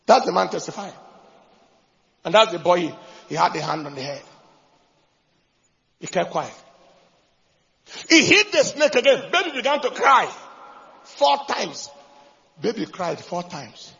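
A man preaching a sermon as pastor, animated, breaking into shouts and laughter. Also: high-pitched, a little slow, vocal fry, pauses often, highs cut off.

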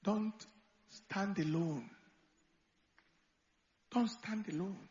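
A man preaching a sermon as pastor, swinging from quiet talk to loud calls for the congregation to answer. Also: sits high, drawn-out words, husky, muffled recording.

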